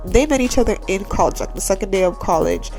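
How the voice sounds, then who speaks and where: A woman's voice: medium pitch, expressive, fast, a little mellow, faint music behind. A tired woman chatting casually to her viewers as a gaming vlogger, rambling and repeatedly asking them to subscribe. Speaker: Sims YouTuber.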